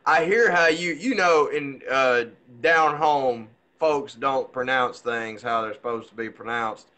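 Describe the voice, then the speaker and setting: A man's voice: medium pitch, measured pace, sharp tone. A man hosting a casual live interview, enthusiastic, laughing often and talking in loose, casual grammar. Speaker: podcast host.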